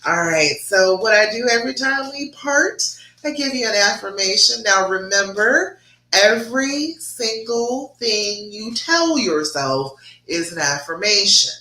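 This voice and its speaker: A woman's voice: medium pitch, lively intonation, measured pace, pushed and bright. A woman, a relationship coach talking live to viewers, encouraging and checking in with "okay?". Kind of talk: live-stream coaching talk. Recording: echoey room.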